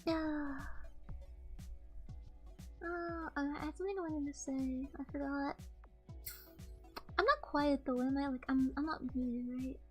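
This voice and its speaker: A high-pitched young woman streamer speaking into a desk mic. She chats casually to her viewers in a quiet, flat monotone. Faint music plays softly behind her. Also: unhurried, pauses often. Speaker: VTuber streamer. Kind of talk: casual livestream chat.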